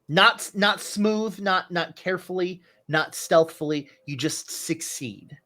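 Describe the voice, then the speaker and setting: Slow, halting male game master. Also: on the high side, bright, forceful tone. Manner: halting, many restarts and fillers. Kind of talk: narrating a tabletop horror game.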